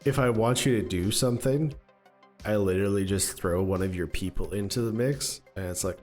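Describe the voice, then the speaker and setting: A fairly low-pitched man talks casually as the game master of a tabletop campaign. He hesitates a lot and fills pauses with "um" and "like", and faint music plays underneath. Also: a little mellow. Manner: hesitant, full of "um" and "like".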